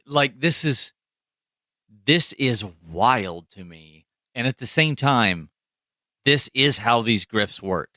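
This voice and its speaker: A man's voice: medium pitch, lively intonation, takes it slowly, sharp tone, dry recording, clean studio sound. A man co-hosting a podcast in casual chat, rambling and profane with lots of fillers. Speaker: podcast co-host.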